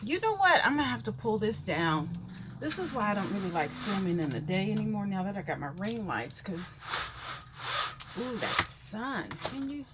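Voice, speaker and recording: A woman's voice: mid-range voice, very noisy. A woman vlogging at home, chatting casually to the camera in a sassy, playful way. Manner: sassy, playful, calls viewers honey. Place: home room by a sunny window.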